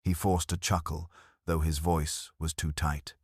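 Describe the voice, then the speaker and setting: A man narrating a scripted mystery story in a measured, even way. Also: extremely low pitch, slightly rough, no echo, studio quality.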